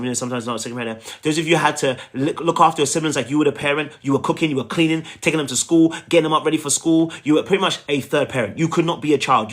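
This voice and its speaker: A man's voice: medium pitch, fairly bright tone. A man giving a relationship coaching talk, emphatic and repetitive, often checking in with "okay?" and "right?".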